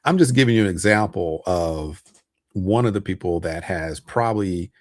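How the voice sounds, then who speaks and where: A man's voice: deep voice, animated, normal speed, no echo, clean studio sound. A man hosting a casual livestream about investments, loose and chatty with lots of fillers and frequent chuckles. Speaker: online host talking about investments.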